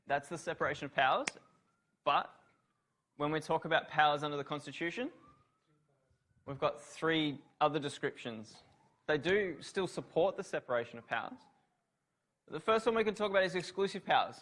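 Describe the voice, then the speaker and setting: Male lecturer, slightly higher voice than most men, runs a revision class and quizzes students. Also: moderate pace, pauses often, a bit bright. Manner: quizzes students, praises answers. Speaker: law lecturer.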